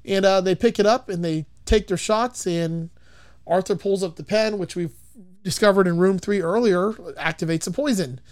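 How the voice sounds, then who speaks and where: A man with a high, darkish voice recaps a film as a podcast host at a moderate pace. It's casual chat: he rambles, swears, and laughs often as he goes.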